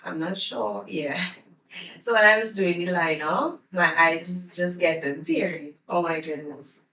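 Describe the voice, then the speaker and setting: A woman vlogger talking through her makeup routine in a relaxed, chatty, step-by-step way, her eyes teary. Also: fairly low pitch, echoey room, far from the mic, rough recording. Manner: slow, chatty step-by-step instructions. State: teary-eyed. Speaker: beauty vlogger. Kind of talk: casual makeup tutorial talk.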